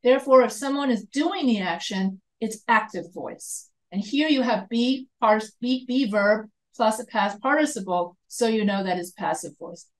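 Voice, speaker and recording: American woman, writing instructor, fairly high voice, online lecture, repeats and self-corrects. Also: moderate pace, few pauses, low-quality recording. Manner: explains step by step, repeats points, self-corrects.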